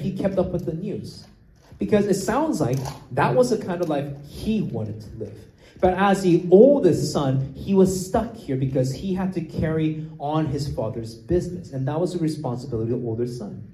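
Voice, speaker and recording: A man's voice: fairly high pitch, warm tone, a little hiss or hum. A man preaching a sermon, explaining scripture and often asking "right?" as he goes. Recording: roomy echo.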